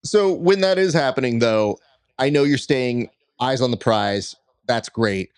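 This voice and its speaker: Guy hosting a podcast, playful and lively, dry room sound. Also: mid-range voice, unhurried, clear, resonant tone, dry recording. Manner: animated, playful questioning. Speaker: podcast host. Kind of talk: interview podcast.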